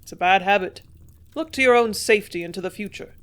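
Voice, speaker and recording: A woman's voice: mid-range voice, quick pace, natural voice. A woman reading the part of a scheming army major in an audiobook, with a brusque, mocking, impatient manner.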